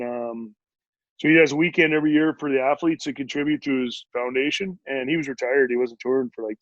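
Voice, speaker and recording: A man's voice: medium pitch, no echo. Man in his forties, podcast guest, casual rambling anecdote, slightly muffled sound, dry close recording. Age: 40s. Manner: rambling, animated storyteller with many fillers. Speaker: podcast guest, retired hockey player. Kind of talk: casual storytelling in an interview.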